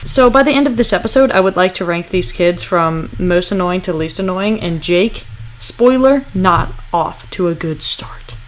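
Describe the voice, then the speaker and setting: A woman's voice: fairly low pitch, expressive, moderate pace, a little hiss or hum. A young adult woman co-hosting a podcast, chatting casually and sarcastically while recapping a TV episode. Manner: chatty, sarcastic, swears, reads scene lines aloud. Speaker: podcast co-host.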